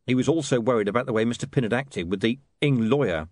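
A man narrating an audiobook in a dry, measured way. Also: medium pitch, dry recording.

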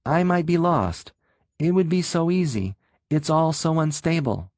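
A man's voice: a little high, sing-song, normal speed, no echo, studio quality, voice pushed up. A man voicing a shapeshifting creature disguised as a young hitchhiker, anxious and pleading in a raised voice. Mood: worried. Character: shapeshifting thing posing as a timid young hitchhiker.

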